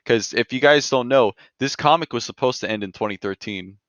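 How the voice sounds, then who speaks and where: A man's voice: medium pitch, brisk, muffled recording, a crowd in the background. A man in a casual comic chat, rambling and using internet slang. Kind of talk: casual chat about a webcomic.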